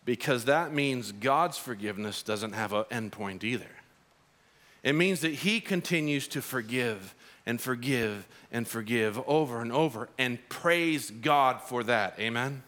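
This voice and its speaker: A man preaching a sermon as pastor, telling a parable in an animated, storytelling way in a church. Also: medium pitch, normal speed. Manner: animated storytelling, acts out characters.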